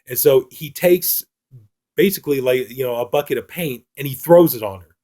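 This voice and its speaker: A man's voice: mid-range voice, normal speed, dark tone. A man reviewing a film in a casual, rambling retelling, full of fillers.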